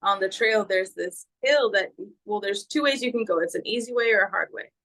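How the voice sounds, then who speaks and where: A woman's voice: medium pitch, a little fast, a bit bright, poor audio. A woman talking casually as a guest in a fitness check-in, telling stories with lots of fillers. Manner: chatty, storytelling with fillers. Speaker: guest, fitness group member. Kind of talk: casual conversation.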